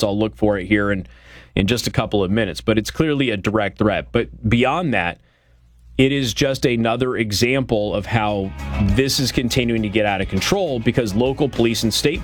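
A man's voice: lowish voice, no echo. Man, talk show host, blunt opinionated monologue, dry close mic. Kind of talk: political talk commentary.

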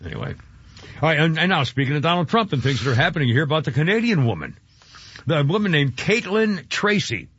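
A man's voice: on the high side, very animated, fast talker, fairly bright tone, slightly rough. A man hosting a talk radio show, ranting indignantly and rambling with many fillers, heard over a dull lo-fi broadcast.

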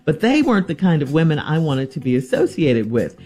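A woman's voice: sits low, big pitch swings, a little fast, mellow, slightly rough, soft background music. A woman hosting an advice show, reading out a listener's letter and answering it in a teasing, incredulous way.

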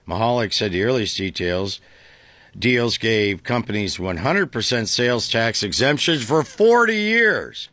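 A man's voice: mid-range voice, lively intonation, measured pace, pushed and bright, no room sound. A male talk show host reading the news aloud with sarcastic, mocking asides.

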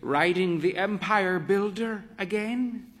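A man's voice: slow, a bit bright, big-room sound. A man doing a grand, frail old lady. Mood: airy, theatrical. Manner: high, airy and dramatic. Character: frail proud elderly woman, theatrical and grand.

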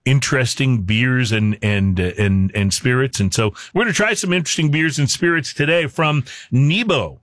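A man's voice: mid-range voice, lively intonation, moderate pace, hardly any pauses, a bit bright, no room sound, clean studio sound. A man hosting a beer and cigar podcast, chatting casually with lots of fillers and jokes. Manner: jokey, rambling with many fillers. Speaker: podcast host. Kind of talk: casual chat.

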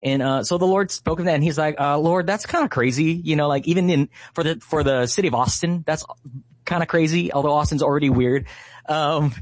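In a dry recording, a fairly high-pitched man talks fairly quickly as a guest in an interview. He is a Christian activist in his thirties from Hawaii, and he tells his story with passion and sincerity, using many fillers.

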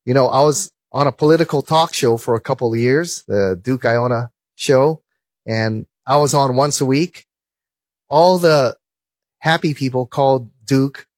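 A man giving a lively Christian apologetics talk, full of stories and rhetorical questions. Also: mid-range voice, dry recording. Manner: animated, storytelling, rhetorical questions.

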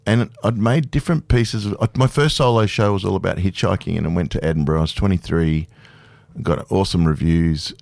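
A man's voice: low-pitched, brisk, creaky, darkish tone, no room sound. A man in his fifties, a guest speaking candidly and self-deprecatingly in a casual radio interview, laughing easily. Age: 50s. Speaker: guest performer.

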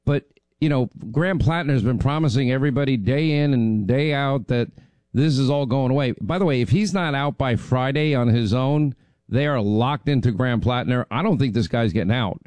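A man's voice: mid-range voice, fairly quick, a little mellow, no room sound. A man hosting a talk radio show, rambling and chatty, getting over laryngitis. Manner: rambling, chatty, many fillers. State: recovering from laryngitis. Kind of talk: casual talk radio chat.

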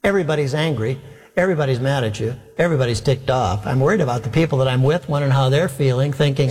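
A man's voice: medium pitch, fast talker, breathy edge. A man preaching as a pastor, telling a long story with humor and acting out the dialogue himself. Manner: animated, self-mocking storyteller acting out dialogue. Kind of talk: sermon storytelling. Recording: long hall reverb.

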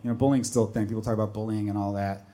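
A man's voice: fairly low pitch, fairly even intonation, very fast, dark tone. A man doing a stand-up set, telling a blunt, escalating story about being a protective father of two boys. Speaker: stand-up comedian.

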